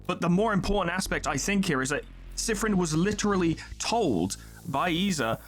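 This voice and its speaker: A man's voice: high-pitched, expressive, normal speed, faint music behind. A man talking over his let's play in casual video game commentary, rambling and correcting himself with apologetic asides.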